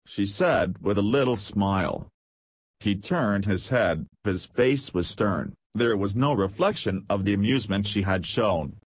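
A man reading a period novel aloud as an audiobook narrator, in a measured, even storytelling manner. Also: lowish voice, breathy edge, dry recording. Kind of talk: scripted narration.

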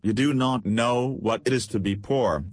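Storybook society lady, haughty yet pleading, low and hurried, husky tone, dry close sound, voiced by a male reader. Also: no room sound, close to an everyday voice. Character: proud, beautiful young society woman.

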